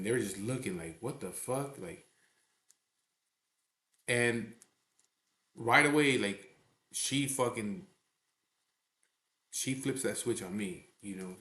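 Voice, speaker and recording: A man's voice: on the low side, slow pace, long pauses, a bit bright. A man casually telling a story from his garage hangout, in a blunt, profane way, often adding "you know what I mean.". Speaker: biker club member telling a story. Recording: echoey room.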